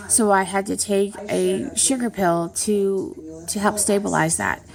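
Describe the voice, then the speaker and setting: A middle-aged woman talking through a personal confessional vlog, earnest and halting, with frequent pauses and restarts. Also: mid-range voice. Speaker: vlogger.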